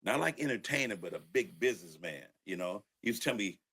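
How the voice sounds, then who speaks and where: Low-voiced older man telling studio stories. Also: animated, fast talker, sharp tone, slightly rough. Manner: laid-back storyteller who laughs and acts out quotes. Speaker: record producer guest. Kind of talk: storytelling interview.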